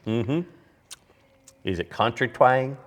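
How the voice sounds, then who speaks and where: A man's voice: mid-range voice, slow pace. A man hosting a casual whiskey tasting chat, rambling like a storyteller with many restarts. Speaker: podcast host.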